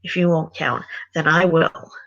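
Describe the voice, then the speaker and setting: A reader voicing a calm, cruel male kidnapper who coaxes his victim in a soft, menacing way. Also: mid-range voice, unhurried, gravelly, muffled recording.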